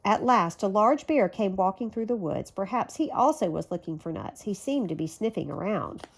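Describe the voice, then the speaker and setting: A woman reading a children's story aloud in a gentle, even storytelling manner. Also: medium pitch, normal speed, gravelly. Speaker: storybook reader.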